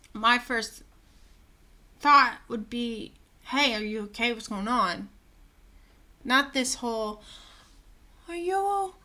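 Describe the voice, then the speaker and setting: A woman's voice: mid-range voice, pushed and bright. A young adult woman vlogging her opinions to camera, chatty and indignant, with sarcastic asides.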